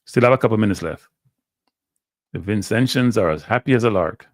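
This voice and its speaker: A man's voice: lowish voice, a little fast, no room sound. Man doing live fan commentary, dry sound. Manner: frustrated, blunt fan commentary. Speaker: watchalong host.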